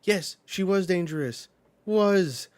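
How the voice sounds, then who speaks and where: A man voicing a polite, gentlemanly skeleton man while reading a comic aloud, using a higher and louder put-on voice. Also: takes it slowly. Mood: insistent.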